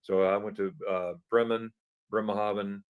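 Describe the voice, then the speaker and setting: Animated man telling a travel story. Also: fairly low pitch, normal speed, clean tone, narrow, tinny audio. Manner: animated, acts out dialogue, stumbles and repeats words. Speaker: podcast guest. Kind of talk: casual anecdote telling.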